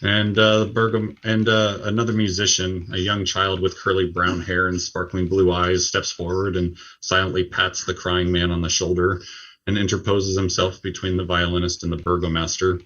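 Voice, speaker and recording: A man acting as game master, telling the scene in a measured way with occasional "uh" fillers. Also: low-pitched, flat delivery, fairly bright tone, lo-fi sound. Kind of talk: narrating a tabletop game.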